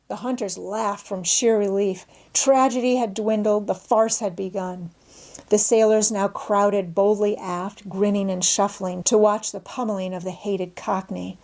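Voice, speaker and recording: A woman narrating a classic novel aloud in a measured, expressive storytelling manner. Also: medium pitch. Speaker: audiobook narrator.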